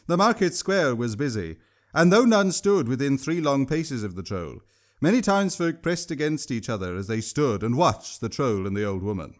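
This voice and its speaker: A man narrating his own audiobook story in a steady storytelling manner. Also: mid-range voice, normal speed. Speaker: author and narrator.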